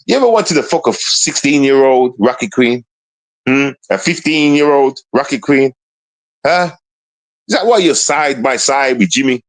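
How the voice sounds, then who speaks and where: A man delivers a long livestream rant at a medium pitch. He repeats himself, stumbles over words and keeps firing taunting questions at someone who isn't there. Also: lively intonation, moderate pace. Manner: confrontational, repetitive, taunting rhetorical questions. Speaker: streamer. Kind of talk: ranting livestream monologue.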